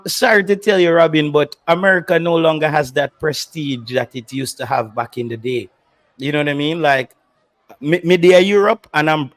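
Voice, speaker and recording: Animated Jamaican man ranting on a stream. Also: fairly high pitch. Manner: animated, mixes patois with English, mocking and indignant. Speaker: football channel host. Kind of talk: live-stream chat answering viewer comments.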